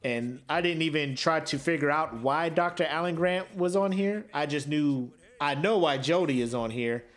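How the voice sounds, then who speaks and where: A man co-hosting a podcast in casual banter, slangy and animated, laughing often. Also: a little high, moderate pace. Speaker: podcast co-host.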